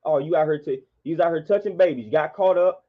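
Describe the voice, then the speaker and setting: A man's voice: a little high, fairly quick. A man, delivering an impassioned monologue in a preachy, repetitive, emphatic way. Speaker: vlogger. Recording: dull lo-fi sound.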